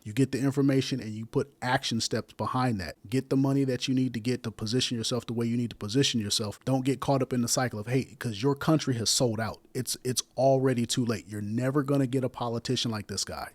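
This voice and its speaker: A man's voice: medium pitch, steady tone, fast talker, few pauses, dry recording. A man hosting a reaction commentary, speaking emphatically and repeating phrases for stress. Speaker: commentary host. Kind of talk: reaction commentary to video clips.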